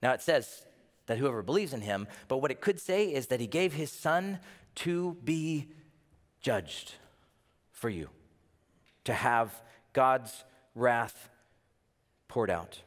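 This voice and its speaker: Male pastor, mid-range voice, animated sermon delivery with rhetorical questions, long hall reverb. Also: medium pitch, slow pace, pauses often. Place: church.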